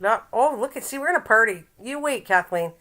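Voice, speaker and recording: An older woman hosts a casual live-stream chat. She teases her viewers, laughs often and reads a recipe aloud haltingly. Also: on the high side, expressive, sharp tone. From Canada.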